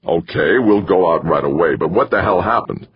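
A man's voice: deep voice, lively intonation, normal speed, breathy edge, dull audio, exaggerated voice. A man voicing a blunt, short-tempered male astronaut who talks in curt, snapping lines. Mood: gruff.

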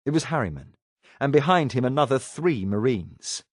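A man reading science fiction narration aloud in a dramatic, expressive way. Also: mid-range voice, moderate pace, dry recording, clean studio sound. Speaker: audiobook narrator. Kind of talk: scripted narration.

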